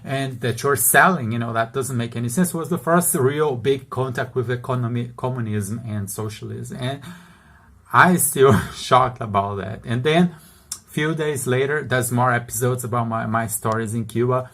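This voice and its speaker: A man's voice: medium pitch, moderate pace, fairly bright tone. A middle-aged man, an international salesman, telling stories in a casual, chatty monologue, often checking in with the listener and laughing between points.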